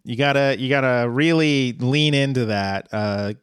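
A man's voice: medium pitch, measured pace, smooth, no room sound, studio quality. A man co-hosting a casual podcast chat, joking and playfully mocking. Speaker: podcast co-host.

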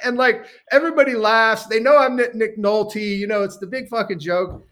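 A man telling a self-deprecating story in casual chat, animated and a bit profane. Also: high voice, normal speed. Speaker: guest storyteller.

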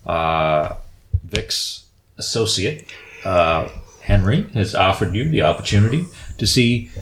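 A man's voice: low-pitched, a bit bright, a little hiss or hum. A man playing a tabletop game, laid-back and teasing. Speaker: player.

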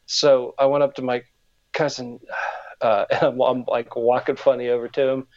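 A man's voice: mid-range voice, level tone, normal speed, a little mellow, highs cut off. A man hosting a podcast, telling childhood stories in casual chat and animating the dialogue. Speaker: podcast host.

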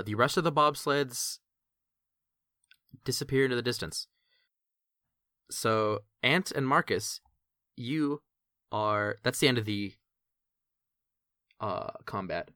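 A man's voice: medium pitch, a bit bright, no echo, studio quality. A man narrating as game master in a tabletop game, in a casual rambling way.

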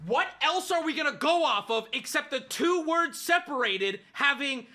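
A man's voice: extremely high pitch, lively intonation, normal speed, bright, forceful tone, slight background noise. A man streaming live, ranting at his chat in an exasperated, profane, argumentative way. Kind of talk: livestream rant to chat.

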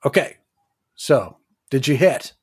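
A man narrating as game master of a tabletop game, describing the scene in measured detail. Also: mid-range voice, lively intonation, heavy background noise.

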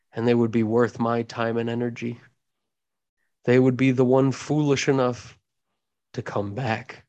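Guy doing a cold old dragon lady, slow and sneering, tabletop game. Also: medium pitch, a little mellow. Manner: slow, contemptuous, drawn-out threats. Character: ancient scornful female dragon, coldly menacing.

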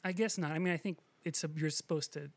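Podcast guy rambling along, kinda higher voice, gravelly, restarts a lot. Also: fast. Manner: rambling, self-deprecating, many restarts. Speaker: podcast co-host. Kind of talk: casual chat.

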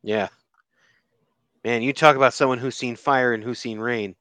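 A man's voice: medium pitch, fairly even intonation, normal speed, fairly bright tone, clear, resonant tone, no room sound. A man co-hosting a casual comics chat, adding joking asides. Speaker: podcast co-host.

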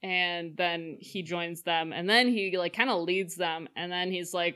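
A woman's voice: on the low side, steady tone, a little slow, pushed and bright. A young woman co-hosting a casual podcast, playfully summarizing a story and acting out its lines in jokey voices. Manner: playful, jokey, acts out quotes in silly voices. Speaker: podcast co-host. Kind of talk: casual chat.

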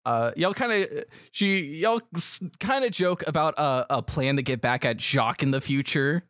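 Here a man game-masters a tabletop game, rambling through the narration with plenty of fillers and laughs. His voice sits on the high side, with lively intonation, a moderate pace, and a fairly bright, clear, resonant tone. The studio-quality recording has no room sound.

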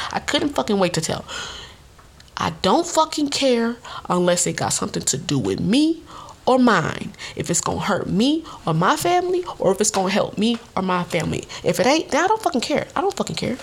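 Woman podcast host, blunt and cussing, voice jumping all over. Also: mid-range voice. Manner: blunt, profane, animated storytelling. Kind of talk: casual storytelling monologue. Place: studio.

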